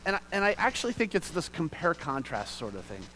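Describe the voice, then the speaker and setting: Soft music plays behind a fast-talking pastor whose slightly high voice swings widely in pitch, captured in poor audio. He reads scripture aloud and explains it, moving from quiet reading into loud, passionate emphasis.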